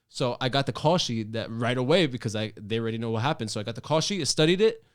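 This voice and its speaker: A man in his thirties, hosting his own talk show, tells a personal story in casual chat, animated and emphatic with many restarts. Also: medium pitch, fast. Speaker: podcast host.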